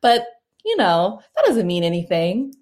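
A woman's voice: mid-range voice, wildly swooping pitch, a little slow, a little mellow. A young adult woman telling a personal story casually, with frequent laughs, fillers and restarts. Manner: chatty, laughing often, many fillers and restarts. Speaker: mother telling her birth story.

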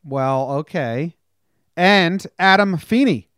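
A man's voice: fairly high pitch, animated, fairly bright tone, clear, resonant tone, dry recording, clean studio sound. Upbeat, joking male podcast host. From New Jersey. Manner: upbeat, joking, fast banter. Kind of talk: casual sports podcast chat.

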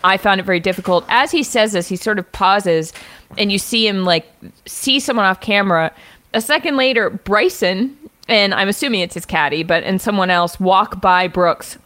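A woman co-hosting a podcast, telling a story in a quick, animated, casual way. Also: mid-range voice. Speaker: podcast co-host. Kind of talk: casual chat.

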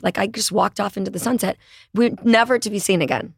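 Middle-aged woman, podcast guest, slight vocal fry, dry close mic, animated raconteur. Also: medium pitch, fast talker, dry recording. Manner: animated storyteller, acts out quoted dialogue. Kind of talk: casual storytelling chat.

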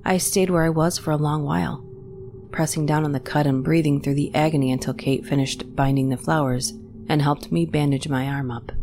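Low-voiced woman narrating horror. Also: warm tone, slight background noise. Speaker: story narrator. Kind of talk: scripted first-person horror narration.

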